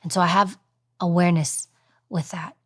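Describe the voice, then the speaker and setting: A woman's voice: on the low side, fairly even intonation, normal speed, slightly rough. A woman guest in an interview, a former agent now on TV news, talking emphatically and acting out voices as examples. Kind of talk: interview advice talk.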